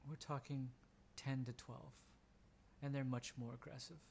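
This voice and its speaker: A man narrating a tabletop game as game master, stopping and restarting his sentences. His voice is mid-pitched and flat in contour. A faint hiss runs behind him. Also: gravelly. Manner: halting, restarts often.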